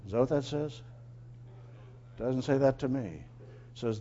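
A man preaching a sermon, swinging between loud, emphatic lines and quiet, confiding asides. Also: medium pitch, a little slow. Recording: dull lo-fi sermon recording.

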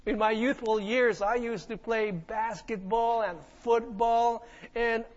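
Male pastor, very high voice, dramatic sermon storyteller, muffled church recording. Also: steady tone, slow. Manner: preaching with call-and-response questions and dramatic retelling.

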